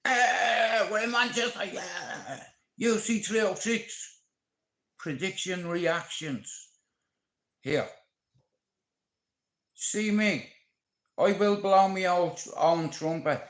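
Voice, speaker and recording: A man's voice: high voice, animated, takes it slowly, pauses often, a bit bright, reverberant. A man with a Dublin accent, vlogging in a brash, rambling, sweary way. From Ireland. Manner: brash, sweary, puts on voices for bits. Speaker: YouTube vlogger. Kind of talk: rambling casual vlog.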